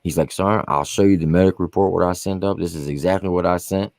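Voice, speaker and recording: A man with an extremely deep, low voice, recorded close and dry with no room sound. He tells war stories in a casual, profane, vivid way, like a veteran guest on a podcast. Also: fairly even intonation, fast talker, darkish tone, no echo. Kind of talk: casual storytelling.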